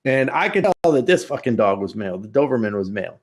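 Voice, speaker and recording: A man co-hosting a casual podcast, telling a long story with lots of swearing and sudden jumps into high acted voices. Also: big pitch swings, quick pace. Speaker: podcast co-host.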